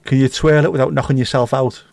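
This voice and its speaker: A man's voice: medium pitch, steady tone, fast, vocal fry, a little mellow, no room sound. A man hosting a livestream, rambling through jokey, sweary anecdotes in casual chat. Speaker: livestream host.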